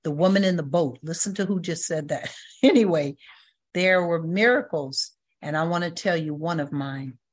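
Older woman with a low, grounded voice, sharing her recovery testimony as a lively storyteller. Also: moderate pace. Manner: storytelling, acts out quoted voices, laughs. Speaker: recovery meeting speaker. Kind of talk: personal testimony talk.

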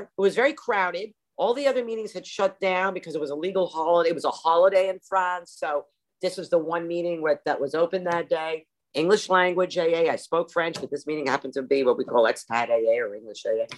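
A woman telling her recovery story at a meeting over a video call, theatrical and self-mocking. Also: on the low side. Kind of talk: personal storytelling talk.

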